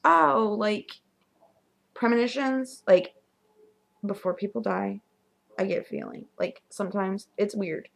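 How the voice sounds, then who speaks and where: A young woman casually telling her own ghost stories to the camera in a vlog, animated, dropping to whispers at the spooky moments. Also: mid-range voice, measured pace, creaky, pauses often. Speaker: vlogger. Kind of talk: casual storytelling.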